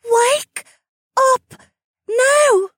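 A man's voice: very high-pitched, expressive, takes it slowly, fairly bright tone, dry recording, clean studio sound, voice pushed up, exaggerated voice. A man voicing an urgent female siren who talks in clipped, broken phrases.

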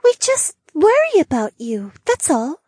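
A male narrator voicing a gentle, worried golden female spirit in an audiobook, speaking softly with concern. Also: very high-pitched, wildly swooping pitch, measured pace, no room sound, studio quality, voice pushed up, full character voice. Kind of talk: audiobook character voice.

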